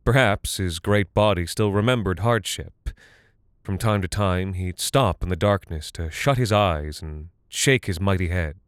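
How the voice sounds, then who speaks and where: Slow, low-voiced male narrator. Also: clear, resonant tone, no echo, studio quality. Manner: measured, deliberate storytelling. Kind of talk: audiobook fantasy narration.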